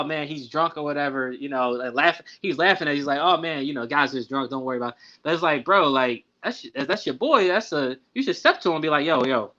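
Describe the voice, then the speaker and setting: A young male podcast co-host tells a personal story in a loose, casual way, filling it with fillers and asides. His voice is a little high and fairly bright, and the recording has a dull lo-fi sound.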